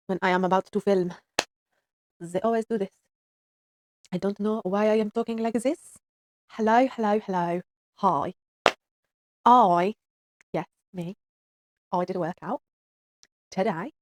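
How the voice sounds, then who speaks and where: A woman's voice: mid-range voice, dry recording. A woman in her thirties, a mother of four, chatting to camera in a playful, self-mocking way. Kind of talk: casual chat to camera.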